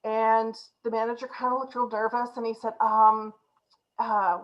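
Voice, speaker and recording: A woman coach tells a story to a group in an animated, lively way, laughing as she talks. Her voice sits a little high. The recording is muffled and lo-fi. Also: fairly quick. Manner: animated, laughs while telling. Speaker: agile coach.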